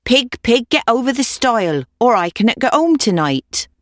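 A woman's voice: fairly high pitch, big pitch swings, moderate pace, dry recording, studio quality, voice pushed up. A woman voicing a fretful old woman in a storybook reading, pleading in a repetitive, chanting way. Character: fretful old woman stuck with a stubborn pig.

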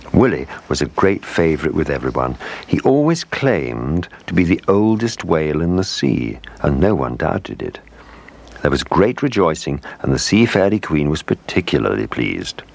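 A man narrating a children's storybook in a gentle, expressive way. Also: extremely low pitch, vocal fry.

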